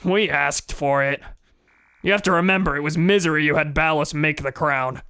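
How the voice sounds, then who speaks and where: A streamer voicing a big, clumsy, good-natured male creature while reading game dialogue aloud, in a lowered gruff voice. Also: moderate pace, sharp tone. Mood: earnest.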